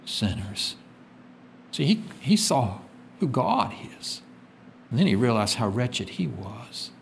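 A man's voice: sing-song, a little slow, gravelly, slight background noise. A man preaching a sermon, reading scripture aloud and asking his listeners to fill in the words. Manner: call-and-response questions, reads scripture aloud; swings from loud emphatic peaks to quiet low drops.

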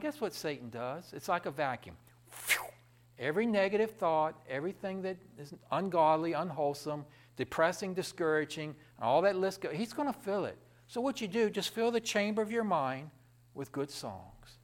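A man preaching a sermon in a lively, conversational way, with asides to the congregation. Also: high-pitched, moderate pace.

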